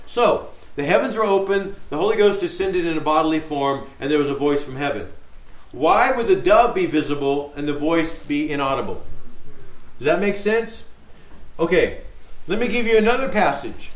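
A man's voice: fairly high pitch, lively intonation, normal speed. A man leading a Bible study, reading scripture aloud and talking it through conversationally with rhetorical questions. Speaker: Bible teacher. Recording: echoey room sound.

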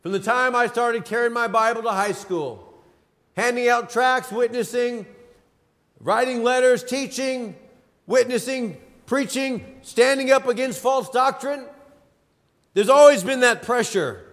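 A man in his fifties preaching a sermon, with emphatic delivery, dramatic pauses and lists, in a church sanctuary. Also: extremely high pitch, a bit bright. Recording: long hall reverb.

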